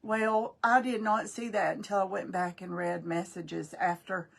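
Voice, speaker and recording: A woman's voice: mid-range voice, level tone, measured pace, gravelly. An older woman, chatting folksily with viewers on a crafting live stream as host. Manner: chatty, folksy, talks to viewers while working.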